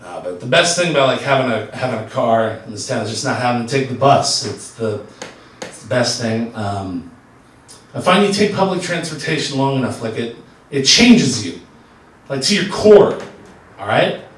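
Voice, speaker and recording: A man's voice: mid-range voice, sing-song, moderate pace. A man performing a stand-up comedy set, telling rambling stories full of fillers. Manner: rambling, filler-heavy storytelling. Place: comedy stage. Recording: roomy stage sound from far off.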